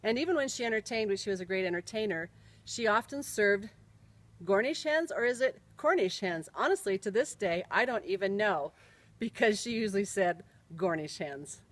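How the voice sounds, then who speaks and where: A middle-aged woman shares a personal story in an unhurried storytelling voice. Her pitch sits in an everyday middle range, and she spells out letters and words one at a time, carefully. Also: poor audio.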